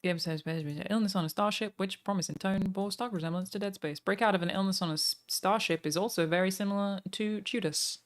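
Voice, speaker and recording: A woman's voice: mid-range voice, a little fast, few pauses. A woman chatting on a live stream. She gushes thanks at donors, reads articles aloud and swears casually as she goes. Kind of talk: live stream chat and reaction.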